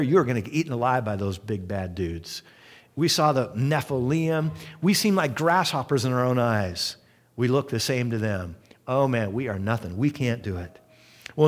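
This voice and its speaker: A middle-aged man preaching a sermon, retelling a story with lively, acted-out quotes. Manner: animated storytelling, acting out quoted voices with big pitch jumps.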